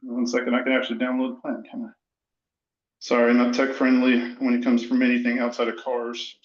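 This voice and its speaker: A breathless man on a video call, asking a question in an apologetic, halting way. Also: medium pitch, monotone. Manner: apologetic, halting, restarts often. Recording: roomy dull video call audio.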